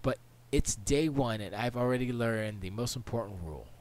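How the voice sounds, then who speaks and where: A man's voice: mid-range voice, moderate pace, darkish tone, a little hiss or hum. Tired, rambling male livestream host. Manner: rambling, chatty, laughs often. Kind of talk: casual livestream chat.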